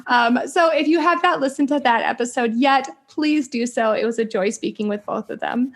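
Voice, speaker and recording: A woman's voice: on the high side, normal speed. A woman hosting a podcast over a video call, bubbly and giggly, sometimes tripping over her words. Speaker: podcast host.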